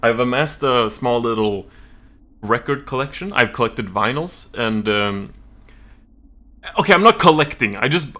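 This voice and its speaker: On a stream from home, a young man from Sweden rambles along with nervous giggles. His voice is average in pitch, bright and sharp, recorded through a desk mic.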